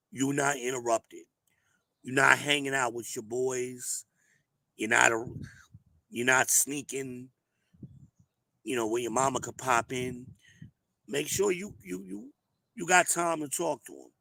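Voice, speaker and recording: A hoarse man, hosting an advice show and talking bluntly and emphatically. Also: mid-range voice, a little slow, pauses often, pushed and bright, no room sound. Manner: emphatic, preachy, blunt with cursing. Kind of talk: casual advice monologue.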